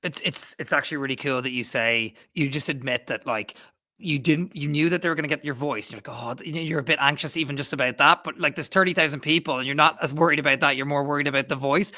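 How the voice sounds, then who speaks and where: Male podcast host, bright tone, dry close sound, rambling and eager, self-interrupting. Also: fairly high pitch, quick pace, no room sound. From Ireland. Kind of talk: casual interview chat.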